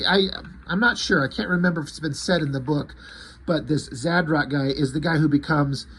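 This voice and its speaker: A man's voice: on the high side, husky. A man casually paging through a comic book, loosely retelling the story in a rambling way.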